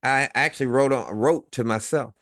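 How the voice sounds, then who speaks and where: A Midwestern American man co-hosts a casual online talk show livestream, rambling along with lots of fillers and chuckles. His medium-pitched voice is fairly bright at a normal speed, recorded with clean studio sound and no echo.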